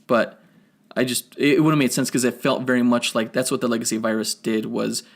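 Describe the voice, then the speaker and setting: Male podcast co-host, mid pitch, gravelly texture, rambling nerdy review chat. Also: fairly even intonation, fairly quick. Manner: rambling, self-correcting, nerdy detail.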